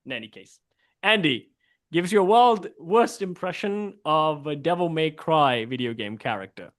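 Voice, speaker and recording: Playful male improv host on a video call, slightly high voice. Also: lively intonation, normal speed, fairly bright tone. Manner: playful, trailing off into laughter. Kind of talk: hosting an online improv game in costume persona.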